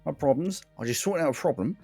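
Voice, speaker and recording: A man's voice: mid-range voice, lively intonation, quick pace, darkish tone, dry recording, soft background music, voice pushed up, natural voice. A man voicing a menacing adult male thug with a bat, his accent wandering between two. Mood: dismissive. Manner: mixed inconsistent accents, menacing.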